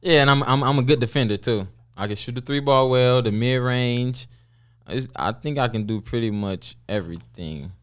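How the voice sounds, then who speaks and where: A man talking casually as a guest on a podcast, plain-spoken and relaxed. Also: medium pitch, normal speed, clean tone. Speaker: guest, pro basketball player.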